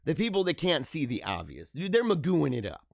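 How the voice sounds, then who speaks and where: A man hosts a live show, chatting loosely, reading viewer comments and laughing often, animated and slangy with lots of "dude," "bro" and "man." His voice is gravelly, slightly high and a bit fast, with clean studio sound and no echo.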